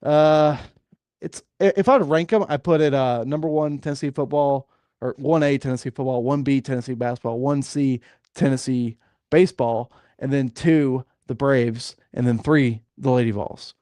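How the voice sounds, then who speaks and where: A man's voice: mid-range voice, steady tone, normal speed, mellow, dry recording, clean studio sound. Frustrated, ranting sports-podcast man. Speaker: podcast co-host. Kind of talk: casual sports chat.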